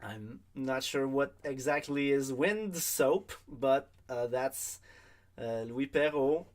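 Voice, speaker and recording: A man with a mid-range voice, announcing picks at a slow, unhurried pace. He pauses often, filling the gaps with ums and restarting his sentences as he hosts a live draft stream. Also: mid-range voice. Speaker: draft broadcast host. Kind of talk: casual livestream commentary.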